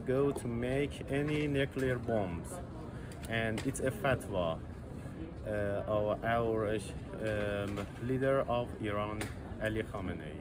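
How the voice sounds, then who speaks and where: Man, very slow and hesitant, recorded outside with clear traffic noise behind him. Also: mid-range voice. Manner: slow and hesitant, with many fillers. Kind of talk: short statement recorded on tape. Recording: field recording with street noise.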